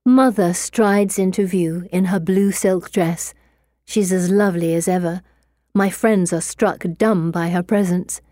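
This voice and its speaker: A woman reading a novel aloud in the first person, measured and expressive. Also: on the low side, no room sound, clean studio sound. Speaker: audiobook narrator.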